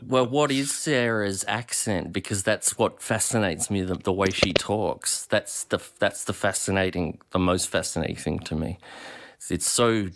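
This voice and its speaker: Eager low-voiced man. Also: measured pace, fairly bright tone. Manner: eager, curious, affectionate questions. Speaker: guest. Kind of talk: casual live-stream chat.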